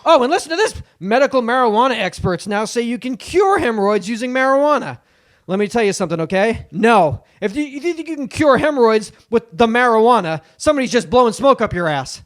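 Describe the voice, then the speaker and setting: A man doing an impression of a cranky older male stand-up comedian, ranting loudly with punchline beats. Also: very high voice, sing-song, fairly quick, heavily acted. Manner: loud indignant rant with punchline beats.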